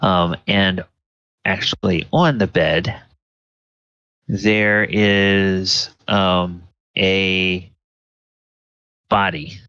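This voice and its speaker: A man narrating a tabletop game as dungeon master, describing the scene in a halting way full of fillers. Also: low-pitched, steady tone, pushed and bright, clear, resonant tone, no echo, muffled recording.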